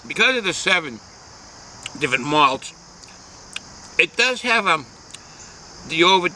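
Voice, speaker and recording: Bright-voiced man rambling through a beer review. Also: on the high side, very animated, measured pace, slight background noise, rough recording. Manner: folksy, rambling with many hesitations. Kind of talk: casual beer review vlog.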